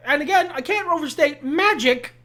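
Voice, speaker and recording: A woman's voice: high-pitched, animated, normal speed, a bit bright. A woman co-hosting a podcast, chatting casually and teasing in a playful, theatrical way. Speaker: podcast co-host. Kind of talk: casual chat.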